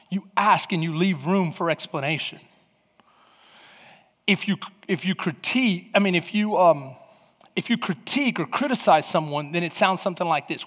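A man preaching a sermon, telling stories animatedly with bursts of shouting. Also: on the high side, unhurried, long pauses, in a large hall. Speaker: pastor.

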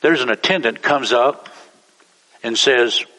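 A pastor with a bright, forceful edge to his voice preaches in a folksy, rambling manner, circling back over his words. His sermon rings out with a long reverb, as if recorded in a church hall. His pitch sits in a middle range for a man. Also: a little slow. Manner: folksy, rambling, repeats himself. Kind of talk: sermon storytelling.

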